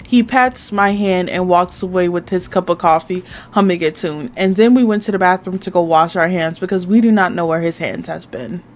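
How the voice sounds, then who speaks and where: A woman's voice: lowish voice, normal speed, few pauses, a little mellow. A woman hosting a gaming channel, reading a dating game aloud in the first person, with casual asides.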